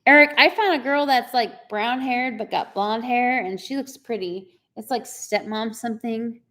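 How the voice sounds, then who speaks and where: Brief: bubbly woman co-hosting a live chat, slightly high voice. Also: moderate pace, sharp tone. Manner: chatty and bubbly, greets viewers by name, laughs often. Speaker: co-host of a live chat stream. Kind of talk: casual live-stream chat reading viewer comments.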